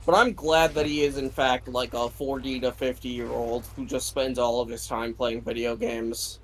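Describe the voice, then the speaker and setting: A man's voice: medium pitch, little pitch movement, moderate pace, slight background noise, rough recording. A man around thirty chatting casually while playing a game with a friend, rambling, swearing offhand and restarting his sentences. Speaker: streamer playing co-op. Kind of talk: casual gameplay chat.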